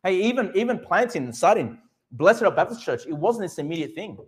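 High-voiced aussie pastor preaching, asks the room questions then answers them, drags out the bible verses slow. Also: male voice, very animated. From Australia. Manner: slows right down to stress Bible verses. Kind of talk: sermon.

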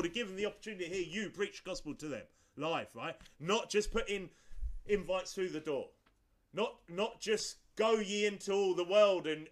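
A man's voice: sits high, a bit bright. A male pastor preaching a sermon, emphatic and driving, who repeats his points and fires off rhetorical questions.

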